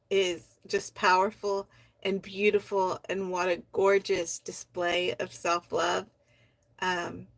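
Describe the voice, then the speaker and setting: A woman hosting a poetry livestream, reading members' poems aloud in a soft, heartfelt way and chatting about them between readings. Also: lowish voice, vocal fry, no room sound. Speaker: host of a poetry society livestream.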